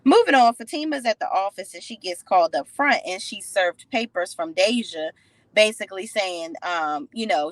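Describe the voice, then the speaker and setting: A woman's voice: on the low side, no room sound, rough recording. Sassy woman recapping a TV episode. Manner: sassy, opinionated, animated retelling. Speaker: TV show recap reviewer. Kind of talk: casual episode recap and commentary.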